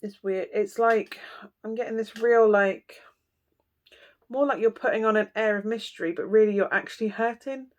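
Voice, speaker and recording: At a moderate pace and medium pitch, a woman reads tarot casually for her viewers, speaking right to them. Blunt and gabby, she fills her delivery with fillers and asides.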